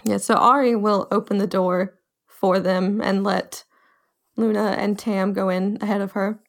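A woman's voice: medium pitch, little pitch movement. A woman player in a tabletop role-playing game, speaking her character's lines and actions with intensity. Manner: intense, fast in-character confrontation.

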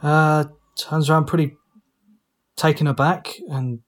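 Man quietly voicing his character. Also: medium pitch, little pitch movement, unhurried. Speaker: player. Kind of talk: in-character tabletop role-play.

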